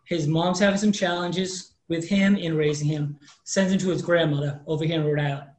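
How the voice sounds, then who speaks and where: Speaking briskly in a voice on the high side, a man in his fifties who works in mortgages recounts a personal story during an interview. He brings energy to it, performing the dialogue of those he quotes, with a roomy echo around him.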